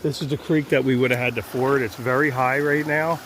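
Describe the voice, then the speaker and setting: A man of medium pitch talks fairly quickly with fairly even intonation and a somewhat bright tone, against slight background noise. He narrates a casual trail vlog on a rural road walk during a thru-hike, chatty and cooing sing-song at animals.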